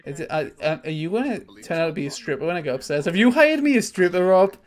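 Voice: medium pitch, animated, fast talker. A streamer chatting casually through a VR game, confused and joking with other players. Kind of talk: casual gaming chat.

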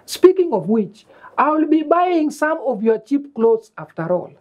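Brief: a bossy, teasing young show-off, high lively voice, dull lo-fi sound. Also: male voice, a little slow, exaggerated voice. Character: boastful young man scheming a fake reality-show life. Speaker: student. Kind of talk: comedy web series acting.

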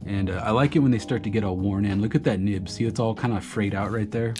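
A man's voice: on the low side, quick pace. Rambling, chatty man over background music. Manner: rambling, chatty, laughs often. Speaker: graffiti artist reviewing art supplies. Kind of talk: casual talk to camera while drawing. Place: home art studio.

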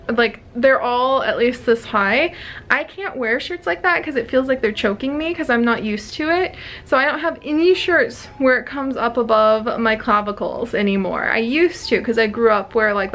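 A young woman talks to her camera in a small rented apartment, telling stories in a casual, rambling way. She laughs easily, restarts her sentences and pokes fun at herself. Her voice sits a little high for a woman. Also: a bit bright, slight background noise. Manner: chatty and self-deprecating, laughs often, rambling restarts. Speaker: vlogger. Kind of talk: casual talking-to-camera vlog.

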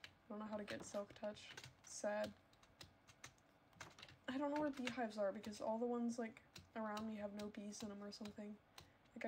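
A woman's voice: a little high, darkish tone, a little hiss or hum. A woman streaming a video game, chatting casually to her viewers in a rambling way with lots of filler words. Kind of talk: casual gameplay streaming chat.

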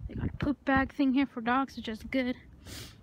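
A young woman vlogging casually, rambling in a self-conscious way and often dropping to a hushed voice, filmed on a handheld phone out at a beach, in a car and at a gym. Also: high voice, steady tone, moderate pace, slight background noise, rough recording. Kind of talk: casual vlog chat.

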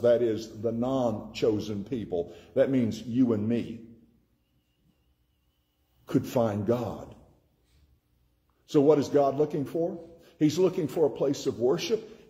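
A man from Tennessee preaching a sermon as pastor, slowing down and repeating key words for emphasis. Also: medium pitch, mellow.

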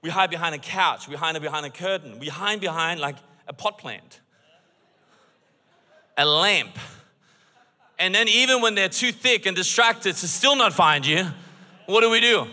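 A middle-aged man preaching a sermon as pastor in a church, animated and by turns joking and earnest. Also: high voice, normal speed. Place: church auditorium. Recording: long reverb of a large hall.

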